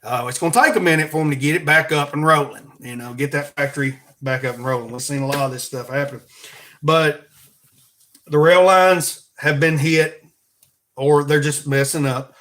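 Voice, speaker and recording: A man's voice: fairly high pitch, fairly even intonation, moderate pace, sharp tone. A man with an Alabama accent hosting a podcast in a folksy, rambling, joking monologue. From Alabama, USA. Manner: folksy, joking, plugs merch. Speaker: podcast host.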